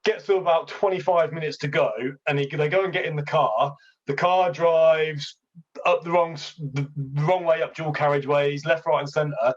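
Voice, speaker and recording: A man's voice: fairly high pitch, fairly even intonation, moderate pace. A man hosting a podcast, swearing freely as he tells travel stories in casual chat. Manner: swears freely, laughs, story-driven. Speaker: podcast host. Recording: dull lo-fi sound.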